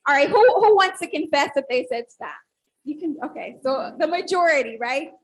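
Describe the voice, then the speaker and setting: A woman's voice: sits high, normal speed, a little hiss or hum, poor audio. A woman academic speaking on a panel, talking with animation and leading the audience through an exercise. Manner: animated, instructive, audience-engaging.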